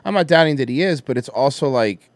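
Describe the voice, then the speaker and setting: Offering wry opinions in a relaxed commentary chat, a man hosting a podcast frequently restarts his sentences. He talks fast in an animated, mid-range voice, and there's no room sound.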